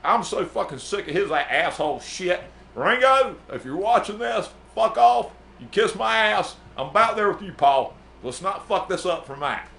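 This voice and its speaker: A man's voice: fairly high pitch, expressive, moderate pace, hardly any pauses, a bit bright. A man playing a brash, profane music manager, rambling and boasting in an improvised comedy bit. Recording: echoey room.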